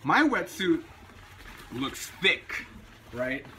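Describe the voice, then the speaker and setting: A man's voice: on the high side, big pitch swings, drawn-out words, noisy background. A man vlogging, telling a personal anecdote in a chatty, casual way. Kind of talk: casual storytelling vlog.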